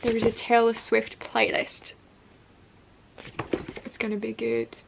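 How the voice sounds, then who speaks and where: This young woman's home video about books she bought is loose and rambling, with restarts and side comments. She speaks a little slowly in a fairly high voice with vocal fry and an entirely flat delivery, against a noisy background.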